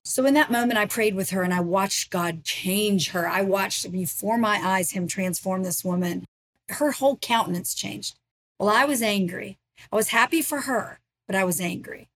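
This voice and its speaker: A woman's voice: medium pitch, normal speed. Earnest woman sharing her testimony. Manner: earnest, emotional storytelling. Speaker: ministry founder, guest. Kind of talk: personal testimony in a podcast interview.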